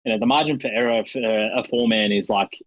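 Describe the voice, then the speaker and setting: An easygoing man talking as a podcast guest, relaxed and quick to laugh, his answers padded with ums and "you know." His voice is mid-pitched and recorded dry. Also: no echo, poor audio. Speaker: bobsledder guest. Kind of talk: casual interview chat.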